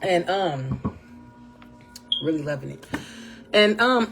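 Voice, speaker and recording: A woman hosting her own podcast alone, chatting casually about faith in a rambling way, often clearing her throat and with a voice that often sounds strained. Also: low voice, animated, measured pace, pauses often, slight background noise. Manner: churchy phrases, talks to absent guest. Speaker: podcast host.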